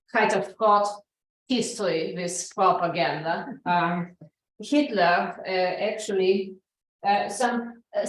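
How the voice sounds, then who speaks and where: A woman's voice: mid-range voice, a little hiss or hum, close to an everyday voice. A woman playing a pompous clown psychoanalyst professor with a German accent, rambling self-importantly on stage. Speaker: comedic stage performer. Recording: roomy sound from far off.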